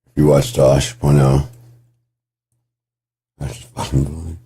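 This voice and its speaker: A man with a low, dark voice talks gently and at length, drifting from one thought to the next. His tone is husky, and he swears freely and breaks into chuckles often. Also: level tone, measured pace. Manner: rambling, profane, chuckles often. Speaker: vlogger. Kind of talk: gentle casual monologue.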